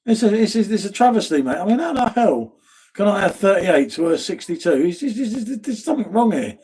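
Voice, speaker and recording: A middle-aged Englishman from near London, speaking with a southern English accent, hosts a casual live stream as a pub host. His high, brisk, slightly mellow voice swings widely in pitch with a breathy edge; he's chatty and laid-back, reads viewer comments, and says "mate" a lot.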